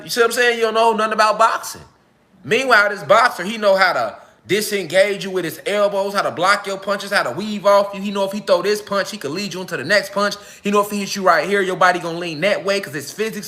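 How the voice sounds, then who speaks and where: A man talks straight to his audience in a casual monologue. His voice sits high and bright. He swears freely and keeps asking whether you hear him. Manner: profane, emphatic, repeats rhetorical questions. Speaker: online talk host.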